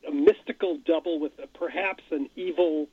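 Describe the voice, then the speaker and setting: A man's voice: fairly high pitch, fairly even intonation, normal speed, breathy edge, no echo. A man speaking as a guest on a radio show, thinking aloud hesitantly. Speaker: studio guest. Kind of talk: casual radio chat. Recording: thin phone-like radio sound.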